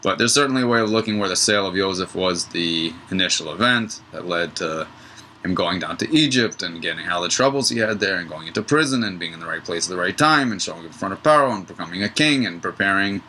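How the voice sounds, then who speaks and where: Bright-toned man teaching Torah. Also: sits low, fast talker, slight background noise, low-quality recording. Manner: relaxed, digressive, tells a joke mid-lesson. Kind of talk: Torah study lesson.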